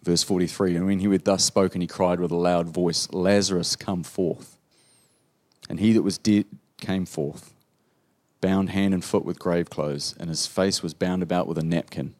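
A male pastor with a New Zealand accent delivers a sermon in a very low, deep voice. He reads old-style scripture aloud, then turns to plain conversational explanation. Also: steady tone, normal speed, a little mellow.

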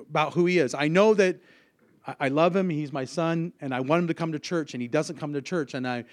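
A man giving an informal sermon, earnest and halting, with many restarts. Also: on the high side, no echo, clean studio sound. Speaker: lay preacher.

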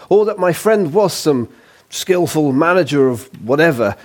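A man's voice: fairly high pitch, husky. A man preaching a sermon as a guest speaker, in a chatty, informal way with rhetorical questions.

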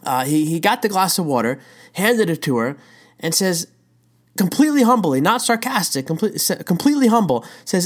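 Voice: mid-range voice, sing-song, normal speed. A devotional teacher giving a casual talk, telling a story with emphatic rhetorical questions and chatty asides. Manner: conversational, says "dude" and "right?".

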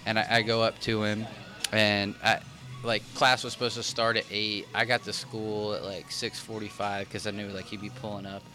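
A young man with a somewhat low voice rambles through a story in casual chat, circling back with fillers and false starts. Music plays clearly behind him. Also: flat delivery, normal speed, sharp tone. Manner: rambling, many restarts and fillers. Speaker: guest telling a story.

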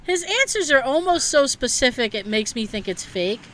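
A woman's voice: on the high side, very animated, normal speed, fairly bright tone, a little hiss or hum. A young woman chatting casually as a podcast co-host, telling stories, acting out the quotes and laughing often. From Massachusetts. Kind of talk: casual chat.

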